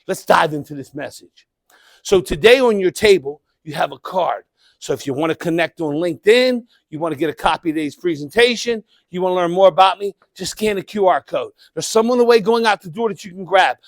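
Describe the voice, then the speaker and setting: A middle-aged man giving a live motivational keynote speech, animated, calling out to the crowd and breaking into shouts. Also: high-pitched, a little fast, no echo. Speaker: motivational speaker. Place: conference event room.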